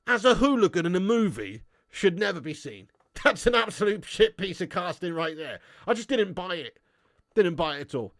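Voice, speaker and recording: Guy on a live stream ranting at the chat, swears a lot, higher voice, dry close sound. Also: sing-song, moderate pace, a bit bright, no echo.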